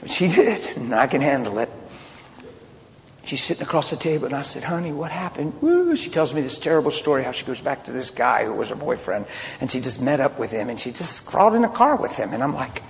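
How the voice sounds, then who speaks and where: A man preaching a sermon as a pastor, telling stories in a blunt, animated way. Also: medium pitch, a little fast, creaky, a little hiss or hum. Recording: long hall reverb, faint ambience.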